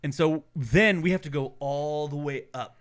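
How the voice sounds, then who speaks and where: A man's voice: on the high side, normal speed, clear, resonant tone. A young man co-hosting a podcast, telling a story in casual chat, profane and laughing, acting out the voices of people he quotes. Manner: animated, profane, laughing, acts out voices in stories. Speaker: podcast co-host.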